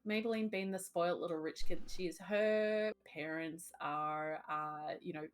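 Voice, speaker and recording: A woman's voice: fairly low pitch, normal speed. A woman playing a tabletop game, chatting about her character's history and laughing often. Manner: giggly, animated. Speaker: player. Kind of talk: tabletop role-play chat, in character.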